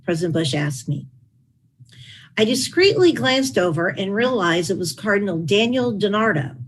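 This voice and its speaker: A woman's voice: medium pitch, a little hiss or hum, rough recording. A middle-aged woman reading wry, dry-humored anecdotes from her own book at a public talk. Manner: wry storytelling with dry asides. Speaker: author and former chief of staff.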